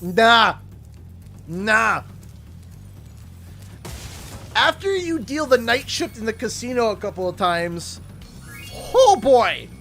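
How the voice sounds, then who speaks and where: A man's voice: extremely high pitch, takes it slowly, faint music behind. A man with a Canadian accent, telling a story in a casual livestream chat and acting out the people in it. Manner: animated, acts out the people in his stories. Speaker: streamer.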